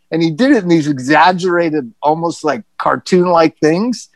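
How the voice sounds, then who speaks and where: A middle-aged person telling a personal story on a podcast in a candid, profane, animated way. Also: mid-range voice, normal speed, few pauses, no echo. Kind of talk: casual storytelling chat.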